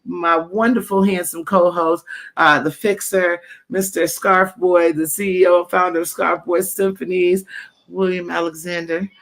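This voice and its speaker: A woman's voice: lowish voice, measured pace. A woman co-hosting a podcast, chatting casually and telling stories with laughs. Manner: laughing, animated storytelling. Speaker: podcast co-host. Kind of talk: casual chat.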